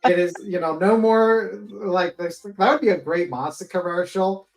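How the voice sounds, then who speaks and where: A man's voice: high voice, moderate pace, vocal fry, low-quality recording. A man in a casual livestream chat, rambling and joking, with frequent swearing and filler words.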